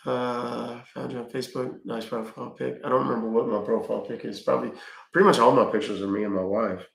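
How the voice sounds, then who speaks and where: Reading viewer chat on a casual stream, this host answers questions with easygoing fillers as he talks fast. His mid-range voice is steady and creaky, captured in an echoey room.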